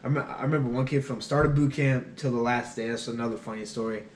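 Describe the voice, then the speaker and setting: A young man, a former Marine, telling boot camp stories in a casual, animated way, often laughing. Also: medium pitch, fast talker, crowd noise. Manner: animated, laughing, acting out shouting drill instructors in his stories. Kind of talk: casual storytelling chat. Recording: echoey room, somewhat far from mic.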